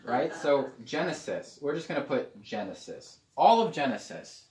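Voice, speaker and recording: A man's voice: mid-range voice, very animated, moderate pace, darkish tone, a little hiss or hum. A man preaching a casual, joking sermon to a small group, now and then slipping into playful put-on accents. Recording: echoey room, mic at a distance.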